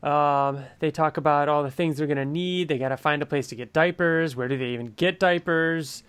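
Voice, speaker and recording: A man's voice: fairly high pitch, normal speed, a bit bright, smooth. A man co-hosting a podcast, recapping a comic in casual chat, enthusiastic and laughing often. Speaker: podcast co-host. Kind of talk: casual comic book discussion.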